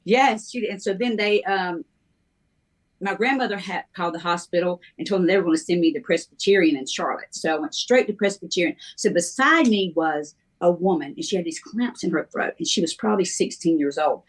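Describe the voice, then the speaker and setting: A middle-aged woman, a minister, telling her life story in a halting, conversational way, with many ums and restarts. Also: lowish voice. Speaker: guest minister sharing her testimony.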